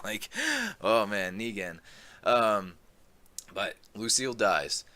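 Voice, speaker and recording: A man casually recapping a comic book volume, rambling and filling gaps with "um" as he gets excited about the story. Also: lowish voice, takes it slowly. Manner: rambling, many "um"s, excitable retelling. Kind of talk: casual plot recap review.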